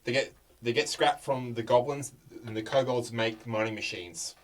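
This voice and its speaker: A man's voice: medium pitch, normal speed. A man playing at a tabletop game, answering questions in a playful, joking way. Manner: playful, jokey. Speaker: player. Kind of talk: casual tabletop play. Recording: distant mic in a room.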